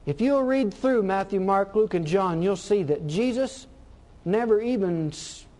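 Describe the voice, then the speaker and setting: A man with a high voice preaches a sermon. He hammers his points home, circling back to the same phrases again and again. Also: darkish tone. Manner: emphatic, repeats key phrases.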